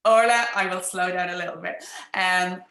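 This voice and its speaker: Woman, business coach, livestream talk, fast and chatty, bright sharp voice, echoey room. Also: lowish voice, fairly even intonation. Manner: fast-talking, chatty, addresses viewers directly. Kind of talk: live-streamed social media coaching talk.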